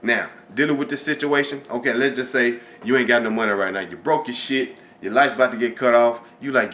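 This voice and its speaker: Bright-voiced man giving a preachy pep talk. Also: brisk, few pauses, slight background noise. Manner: preachy, conversational, drops to a low hush for imagined inner thoughts. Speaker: host. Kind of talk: motivational faith talk.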